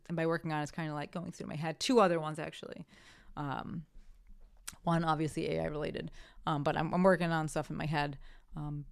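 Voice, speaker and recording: A podcast host whose voice sits low and clean talks casually on her own show, staying upbeat and frequently correcting herself partway through sentences. She signs off cheerfully in a dry, clean studio recording.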